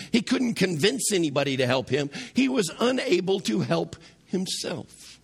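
Male pastor, raised pitch, rough gravelly husky tone, conversational sermon that asks the room questions. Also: very animated, moderate pace. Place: church sanctuary.

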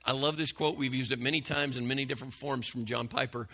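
A man preaching a folksy, conversational sermon. His voice is gravelly and husky, with a bright, forceful edge, and he often drops to a hush. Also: medium pitch, steady tone, quick pace. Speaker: pastor.

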